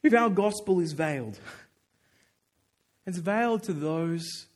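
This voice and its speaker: A male pastor preaching a sermon, telling a personal story in an animated, earnest way and acting out his own thoughts. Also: high voice, slow. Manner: earnest and emphatic.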